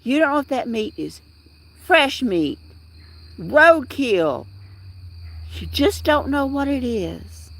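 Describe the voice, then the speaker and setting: A woman's voice: sits high, big pitch swings, slow pace, pauses often, fairly bright tone. A woman hosting a casual outdoor livestream at dusk, rambling chattily and talking straight to her viewers. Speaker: livestream host.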